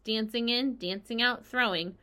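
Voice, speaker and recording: A woman's voice: a little high, moderate pace, bright, forceful tone, voice pushed up. A woman doing an eager young farm girl. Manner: eager, insistent.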